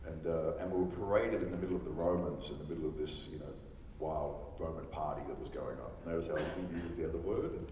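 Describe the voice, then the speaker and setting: Low-voiced man telling stories in an echoey hall. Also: fairly quick, few pauses, warm tone, slight background noise. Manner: chatty, laughs often, acts out other people's lines. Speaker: celebrity panel guest. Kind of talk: anecdotal storytelling to a live audience. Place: large convention hall. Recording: echoey hall recorded from far off.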